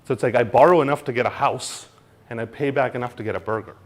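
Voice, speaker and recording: Animated man giving a casual crypto talk. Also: medium pitch, quick pace. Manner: animated, acts out dialogue in mock voices; blunt, swears casually. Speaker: crypto educator. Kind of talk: informal seminar talk.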